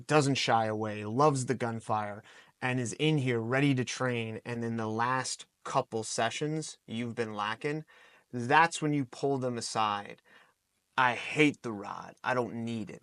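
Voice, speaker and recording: A man in his forties, a coach talking as a podcast guest, telling lively stories and acting out the things he says to his fighters. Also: medium pitch, no echo. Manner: animated, storytelling with acted-out quotes. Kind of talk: podcast interview answers.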